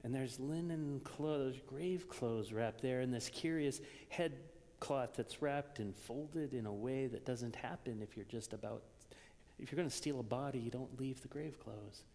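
A man preaching a sermon in a conversational way, moving between loud emphasis and hushed near-whispers. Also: mid-range voice, unhurried. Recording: long reverb of a church hall.

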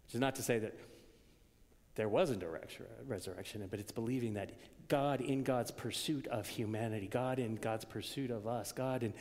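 A man preaching a sermon, swinging from loud, emphatic lines down to hushed whispers. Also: medium pitch, normal speed, in a large hall. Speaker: pastor.

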